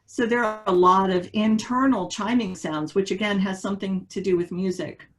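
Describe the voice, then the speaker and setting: A woman's voice: mid-range voice, steady tone, moderate pace, rough recording. A woman teaching a webinar in a conversational way, asking the group questions. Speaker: webinar presenter.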